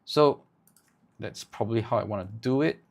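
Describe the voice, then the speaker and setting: A man teaching ad writing live, thinking aloud in halting bursts and tagging his points with "right?". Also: mid-range voice, creaky, darkish tone. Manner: halting, with many restarts. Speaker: agency owner teaching ad writing.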